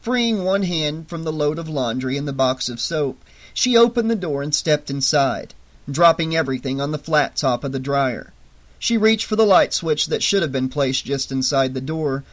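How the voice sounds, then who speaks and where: A man narrating a horror novel audiobook in a steady, measured reading. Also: a little high.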